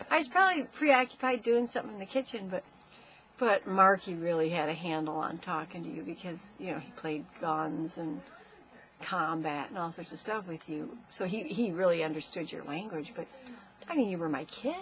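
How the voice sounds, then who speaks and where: A woman, a mother, telling her grown child stories about him as a baby in a casual home video, animated and often laughing. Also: medium pitch.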